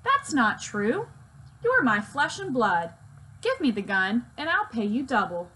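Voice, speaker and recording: A woman's voice: on the high side, big pitch swings, a little slow, pushed and bright, a little hiss or hum, full character voice. A woman voicing a ruthless middle-aged male villain who gives clipped, emphatic commands while reading a children's novel aloud. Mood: falsely calm.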